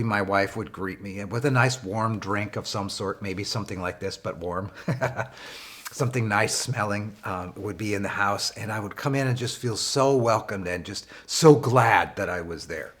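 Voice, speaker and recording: A man teaching leadership through a personal story, talking conversationally with frequent fillers and wry emphasis. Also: a little slow. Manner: rises in pitch for wry emphasis. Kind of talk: anecdotal storytelling lesson.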